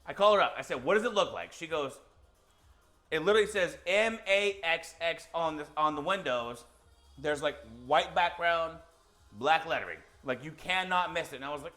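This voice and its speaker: Animated man telling a rambling story. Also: fairly high pitch, moderate pace, soft background music. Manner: animated, rambling anecdote with acted-out quotes. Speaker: podcast co-host. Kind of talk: casual storytelling.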